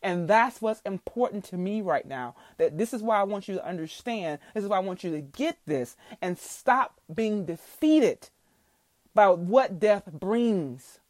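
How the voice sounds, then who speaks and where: A woman's voice: medium pitch, lively intonation, measured pace, darkish tone, no room sound. A woman hosting a faith podcast, telling a heartfelt testimony and teaching scripture in a preacherly way. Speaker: podcast host.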